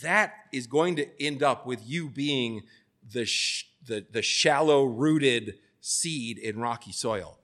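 Speaking at a medium pitch with a sharp tone, a man delivers a relaxed, conversational sermon. He stumbles through fillers and restarts and occasionally mimics the voices of those he quotes.

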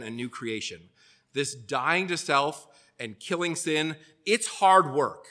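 A man's voice: medium pitch, pushed and bright. A man giving a casual, conversational sermon, full of fillers and restarts, who now and then acts out the voices he quotes. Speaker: preacher.

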